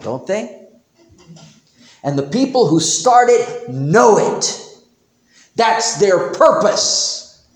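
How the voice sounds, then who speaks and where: A male pastor preaching a sermon in an animated way, acting out biblical characters in quoted voices. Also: sits high, reverberant.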